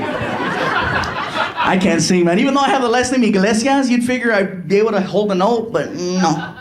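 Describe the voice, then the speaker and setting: Casting: middle-aged male stand-up comic, high voice, animated storyteller with crowd work, live stage mic. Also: normal speed. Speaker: stand-up comedian.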